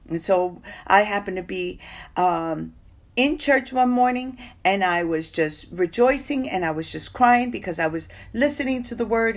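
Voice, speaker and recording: A woman giving a personal faith testimony, telling her story expressively and acting out what people said. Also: mid-range voice. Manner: emotional, expressive storytelling with acted-out quotes. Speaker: testimony speaker.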